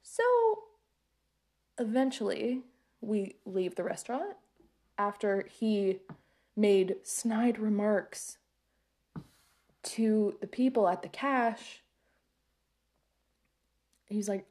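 A woman's voice: medium pitch, very slow, long pauses, a little mellow. A young woman telling a story in a casual monologue, sarcastic, often laughing and filling her talk with "like".

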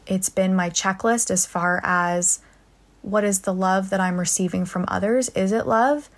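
A young adult woman hosting a reflective solo podcast, soft-spoken and earnest, pausing often. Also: medium pitch, fairly even intonation. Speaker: podcast host.

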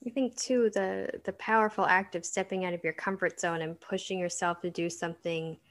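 A woman's voice: lowish voice, steady tone, moderate pace. Earnest woman author telling stories. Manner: earnest, storytelling, laughs often. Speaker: author guest. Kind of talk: casual interview chat.

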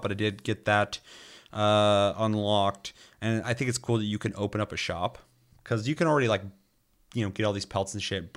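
A man talks casually about a video game in a loose, rambling way, full of filler words and frequent swearing. His voice is fairly low and a bit bright.

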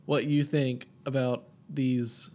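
A young man co-hosting a podcast in casual chat, laid-back with quick asides. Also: mid-range voice, little pitch movement, a little mellow. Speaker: podcast co-host.

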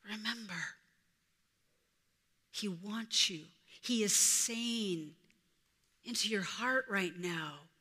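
A woman preaching a sermon as a story, swinging from hushed whispers to loud, emphatic peaks. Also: mid-range voice, very slow, pauses often, husky. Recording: reverberant hall.

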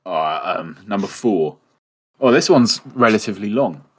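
Man, low voice, swings in pitch, relaxed hesitant reading, casual podcast. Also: normal speed, breathy edge. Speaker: podcast co-host. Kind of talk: casual chat reading stories aloud.

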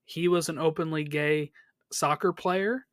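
A man with a notably high voice recaps a TV episode in a loose, chatty podcast style. He keeps tossing questions to his co-host and fills gaps with "you know" and "um". The sound is close and dry, with no room around it. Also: steady tone, a little slow, fairly bright tone, no echo. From United States. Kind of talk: casual chat recapping a TV episode.

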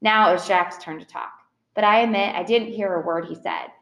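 A woman's voice: mid-range voice, brisk, vocal fry, a bit bright. Woman reading an audiobook, roomy echo. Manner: first-person, plain and earnest. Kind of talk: audiobook narration.

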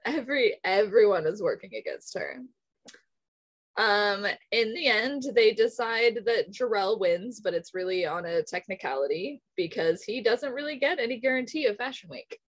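A woman's voice: mid-range voice, lively intonation, normal speed, dry recording. A woman in casual chat recapping a TV show, laughing often and retelling scenes with quoted lines. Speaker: podcast co-host.

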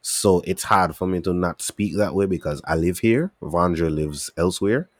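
A man from Saint Kitts with a Kittitian accent, co-hosting a casual podcast chat, animated and emphatic. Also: low voice, normal speed, no echo. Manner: animated, emphatic, shifts into local dialect. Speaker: podcast co-host.

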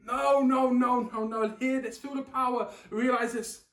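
A man's voice: very high voice, normal speed, fairly bright tone. A man preaching a sermon in an earnest, emphatic way, repeating key phrases for weight. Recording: echoey room, mic at a distance.

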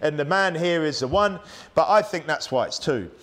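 A man's voice: a little high, expressive, moderate pace, fairly bright tone. A man with a British accent preaching a sermon in a church, talking conversationally with frequent restarts and tag questions. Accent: British English. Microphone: plugged-in microphone.

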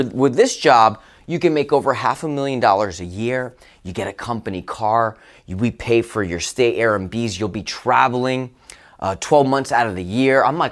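A man hosting his own motivational podcast, telling a personal story with emphatic, excited exclamations. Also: mid-range voice. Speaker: podcast host.

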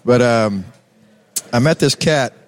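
A Texan man with a medium-pitched voice speaks slowly, appearing as a musician guest on a casual chat show. He's laid-back, laughs often, and tells long, rambling stories.

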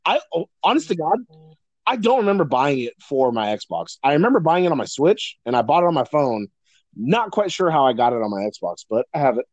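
A man's voice: fairly high pitch, big pitch swings, brisk, dry recording. A man co-hosting a podcast in casual chat, rambling, swearing freely and laughing often. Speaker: podcast co-host.

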